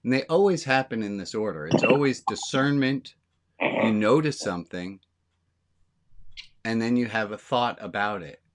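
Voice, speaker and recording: A man's voice: on the low side, expressive, moderate pace, pauses often. Frank, plainspoken male rabbi. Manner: talks directly to a small congregation. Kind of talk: conversational sermon.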